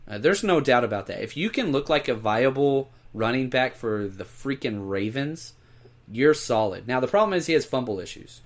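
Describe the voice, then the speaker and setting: A man's voice: medium pitch, lively intonation, moderate pace. Emphatic male podcast co-host. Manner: emphatic, urging listeners to pick up players. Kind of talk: casual fantasy football chat.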